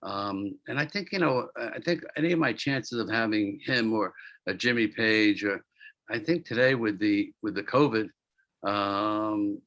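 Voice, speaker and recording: A man's voice: mid-range voice, a bit bright, no echo, poor audio. A man being interviewed as an entertainment producer, talking casually and telling rambling stories with repeated words and acted-out quotes.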